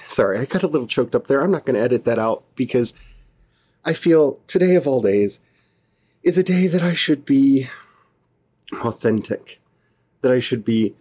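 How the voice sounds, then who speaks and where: A man with a warm, mellow voice talks through a solo podcast. He speaks earnestly and with feeling, circling back to repeat his phrases and restarting as he goes. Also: mid-range voice. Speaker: podcast host. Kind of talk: heartfelt solo podcast monologue.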